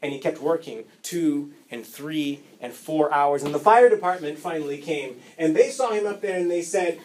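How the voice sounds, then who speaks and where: A male pastor delivering a sermon, telling a story dramatically with rising repetition and long pauses. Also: fairly high pitch, lively intonation, a little mellow.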